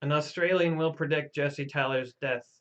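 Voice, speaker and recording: A man hosting a casual live stream, making deadpan, mock-ominous pronouncements. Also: fairly high pitch, normal speed, muffled recording. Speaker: host playing the Hal character.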